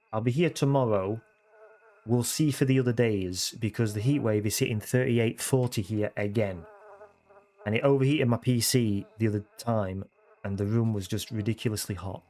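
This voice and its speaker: A chatty man talks loosely to his stream viewers from a room at home, at an average pitch. He repeats words, stops mid-phrase and corrects himself, keeping a relaxed, rambling flow. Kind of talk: casual livestream chat.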